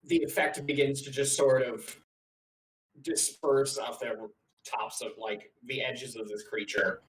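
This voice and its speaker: A man narrating as game master of a tabletop game, in a halting, self-correcting way. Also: medium pitch, fairly even intonation, slight background noise. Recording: roomy, distant mic.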